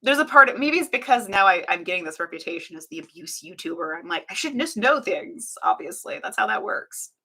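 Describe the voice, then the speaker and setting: A woman's voice: fairly low pitch, fast, hardly any pauses, sharp tone. A woman chatting casually on a live stream, talking to her chat with frequent laughs and sarcastic, self-deprecating asides.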